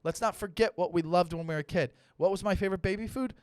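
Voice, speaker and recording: Comic man in his thirties hosting his own show; fairly high voice, swearing through mock-serious rants, dry close sound. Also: fast talker, clear, resonant tone, no echo. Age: 30s. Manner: animated, profane ranting with mock-serious pep talks. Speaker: comedian podcast host. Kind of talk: comic solo monologue.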